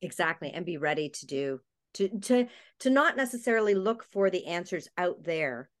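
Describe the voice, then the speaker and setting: Female interview host, lowish voice, calm and affirming. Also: normal speed.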